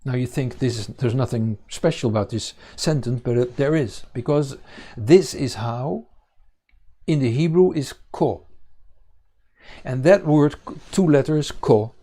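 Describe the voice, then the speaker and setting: Guy giving a bible teaching, slow and halting, dark mellow voice. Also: mid-range voice. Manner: halting, many fillers and restarts. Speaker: congregation teacher.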